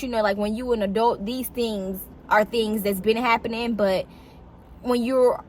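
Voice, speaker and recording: A young woman vlogging casually, telling an animated story full of fillers and swearing. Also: slight background noise. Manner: animated, swearing, filler-heavy, pitch jumps on exclamations. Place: outdoors in shade.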